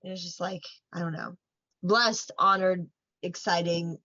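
A woman's voice: on the low side, fairly even intonation, measured pace, pushed and bright, no echo, lo-fi sound. A woman guest, a wrestler and manager, speaking earnestly in casual interview chat. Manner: earnest, laughs easily.

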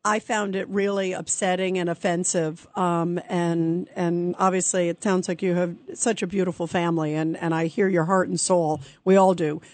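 A woman's voice: fairly low pitch, level tone, normal speed, hardly any pauses, darkish tone, dry recording. A woman hosting a call-in radio show, giving indignant, sharply critical commentary into a close studio mic. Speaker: radio talk show host.

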